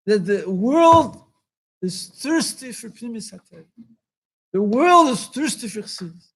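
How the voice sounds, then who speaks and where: A rabbi speaking at a farbrengen, impassioned, repeating phrases for emphasis and rising to exclamations. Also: male voice, very high-pitched, expressive, a little slow, breathy edge. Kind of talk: farbrengen talk.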